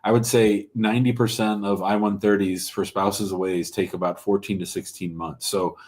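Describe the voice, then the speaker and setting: A man's voice: fairly low pitch, flat delivery, normal speed, a little mellow. A man hosting a live call-in show, giving blunt, plain-spoken immigration advice to callers and viewers.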